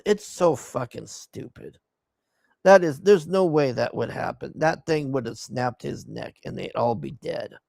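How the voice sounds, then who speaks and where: A man's voice: fairly high pitch, gravelly, darkish tone, no room sound, studio quality. A man giving a profane, exasperated recap of a movie he hated, scornful of its plot. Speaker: movie reviewer. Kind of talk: casual ranting movie recap.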